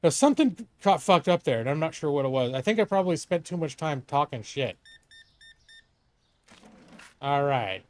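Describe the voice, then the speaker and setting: A man's voice: on the high side, expressive, normal speed, long pauses, darkish tone, no room sound. A middle-aged man streaming a game live, chatting casually with lots of swearing and asides to a co-host. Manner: chatty, profane, talks to himself and a co-host. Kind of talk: live gameplay commentary.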